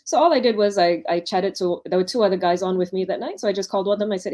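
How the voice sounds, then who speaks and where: A woman's voice: mid-range voice, brisk. A woman doctor on an online panel, giving chatty advice to new doctors and acting out quoted lines in her stories. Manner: chatty, anecdotal, acts out quoted speech.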